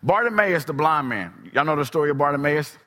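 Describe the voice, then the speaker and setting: A man preaching a sermon with dramatic storytelling, swinging from shouts to whispers. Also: a little high, big pitch swings, fairly quick, long reverb tail.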